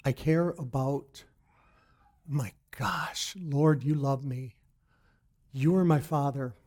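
Slow, earnest middle-aged man testifying. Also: mid-range voice, a little mellow. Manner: earnest, halting, many restarts. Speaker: church member giving testimony. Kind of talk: personal faith testimony.

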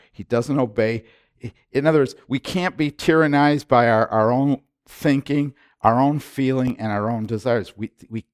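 A man preaching a sermon, moving from loud emphatic lines to quiet, hushed ones. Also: medium pitch. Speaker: pastor.

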